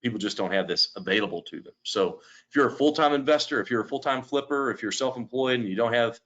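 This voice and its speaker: A man presenting in a business webinar, explaining things in a steady, explanatory way. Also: mid-range voice, quick pace. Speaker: lending company presenter. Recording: dull lo-fi webinar audio.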